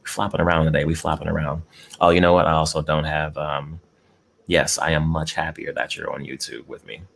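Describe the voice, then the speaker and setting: A man's voice: extremely low pitch, flat delivery, a little fast, creaky, a bit bright. A man hosting a casual eating live stream from home, laid-back, greeting chat viewers and chuckling often. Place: room at home with air conditioning. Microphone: desk mic close up.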